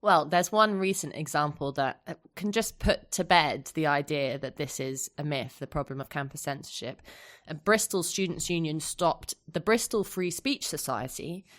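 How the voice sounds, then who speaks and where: Emphatic woman with a lowish voice. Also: moderate pace, a bit bright. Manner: emphatic, laughing at absurdities. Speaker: podcast panelist. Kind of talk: casual discussion.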